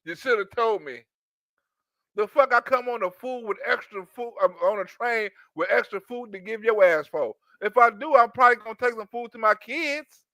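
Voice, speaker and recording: A man's voice: sits high, sharp tone, no echo, clean studio sound. A man giving a profane comedic reaction rant, telling the story with mock outrage. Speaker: commentator.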